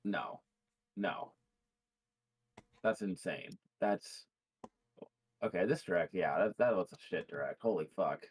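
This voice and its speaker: A man's voice: sits low, slow, long pauses, husky. A man reacting on a live stream, blunt and outraged, swearing freely.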